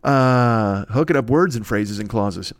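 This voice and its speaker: A man's voice: lowish voice, unhurried, no room sound, clean studio sound. A man in his forties hosting a solo podcast, rambling through profane, self-mocking comic riffs. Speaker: podcast host. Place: at home.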